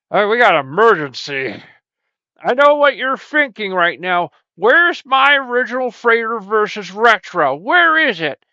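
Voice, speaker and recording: A man's voice: fairly high pitch, bright, forceful tone, dry recording. A man hosting a comedic skit monologue, stammering and quoting his viewers in mock voices, on a dull lo-fi recording. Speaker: host.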